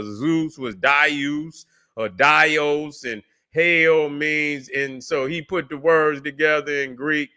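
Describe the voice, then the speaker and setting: A man's voice: on the high side, bright, forceful tone, smooth. A man hosting a livestream, loose and profane, mocking, with many fillers and restarts. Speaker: livestream host. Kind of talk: casual ranting commentary.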